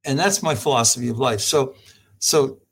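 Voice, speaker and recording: A man's voice: mid-range voice, moderate pace, a bit bright, breathy edge. A man talking as a guest professor on an interview show, telling stories animatedly and laughing often. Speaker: guest, medical school professor. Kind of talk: storytelling interview talk.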